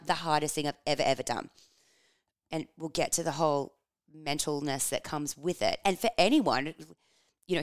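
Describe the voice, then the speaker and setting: Woman, thirties, candid storytelling, swears casually, lowish smooth voice, dry close recording. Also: no room sound. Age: 30s. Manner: frank and animated, swears casually, laughs while telling stories. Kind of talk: personal storytelling, candid and confessional.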